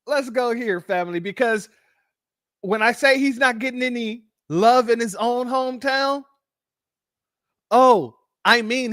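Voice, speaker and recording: High-voiced man doing animated stream commentary. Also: no echo, clean studio sound. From United States. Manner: animated, sarcastic, addresses viewers as family. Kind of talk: casual live-stream commentary.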